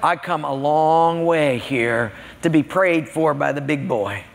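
A man's voice: fairly high pitch, slow pace, creaky, in a large hall. A man voicing a proud foreign commander who is offended at being sent away. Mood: indignant. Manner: indignant, offended.

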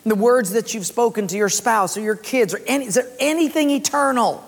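A pastor preaching a sermon in a large auditorium, telling stories in a conversational, animated way. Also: mid-range voice, a little fast. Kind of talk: sermon with storytelling. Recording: long reverb in a large auditorium.

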